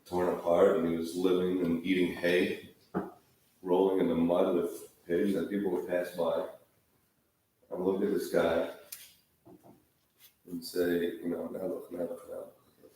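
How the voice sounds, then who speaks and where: Low, flat-voiced man in an echoey hall. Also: far from the mic, a little hiss or hum. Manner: conversational, repetitive storytelling. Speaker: speaker at a Tisha B'Av gathering. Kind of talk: storytelling sermon. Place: large hall, sitting on the floor.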